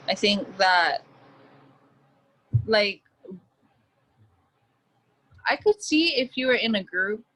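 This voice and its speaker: Relaxed young woman guest, faint noise. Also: mid-range voice, poor audio. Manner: relaxed, hesitant, many fillers. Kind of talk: casual chat.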